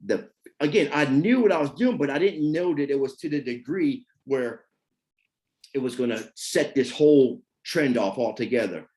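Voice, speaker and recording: A man's voice: medium pitch, moderate pace, a little mellow. A middle-aged man giving a candid personal testimony about his past, rambling and repeating fillers as he talks. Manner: rambling, repeats fillers like "you know what I mean". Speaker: person sharing his recovery story.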